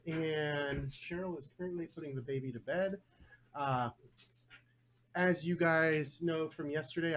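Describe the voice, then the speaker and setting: Chatty man hosting a game stream. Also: a little high. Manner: joking, chatty. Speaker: game master. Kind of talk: casual live-stream tabletop game hosting. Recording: faint background noise.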